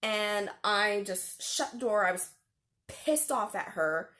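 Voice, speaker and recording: A young woman vlogger telling a personal story in a casual, animated way, with fillers and laughs. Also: medium pitch, slow pace.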